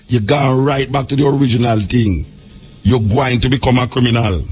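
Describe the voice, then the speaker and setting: A man's voice: medium pitch, husky. A Jamaican man hosting a talk show, reading a legal text aloud and breaking into loose patois asides. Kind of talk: reading a law aloud with commentary.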